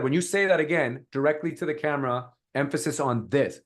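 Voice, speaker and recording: A man of middle pitch coaching an online audience over a video call. He speaks with energy and punches his example lines with clear emphasis. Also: fairly quick. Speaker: guest speaker on content creation. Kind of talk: live webinar coaching.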